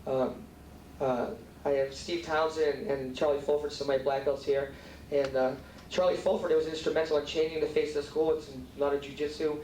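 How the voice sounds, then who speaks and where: A man's voice: a little high, fairly even intonation, brisk, darkish tone, a little hiss or hum. A middle-aged man giving a heartfelt, rambling thank-you speech at a martial arts banquet dinner, with many restarts. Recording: echoey hall, mic far off, faint room ambience.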